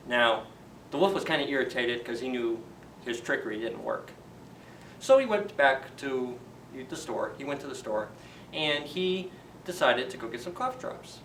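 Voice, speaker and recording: A man retelling a fairy tale for children's story time in a chatty, animated way, asking the kids questions. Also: medium pitch, moderate pace, slight background noise. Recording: roomy echo, distant from the mic.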